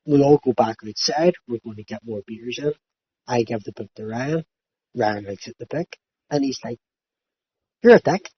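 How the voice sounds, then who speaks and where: A man's voice: medium pitch, normal speed, slightly rough. A young man hosting a podcast, telling a story in casual chat, swearing often and acting out quotes. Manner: swearing, animated, acts out quotes. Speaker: podcast host. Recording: muffled lo-fi audio with faint noise.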